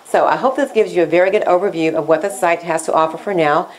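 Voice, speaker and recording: A woman teaching a scripted Spanish lesson, speaking slowly and deliberately as she switches between English and Spanish. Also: fairly low pitch, low-quality recording.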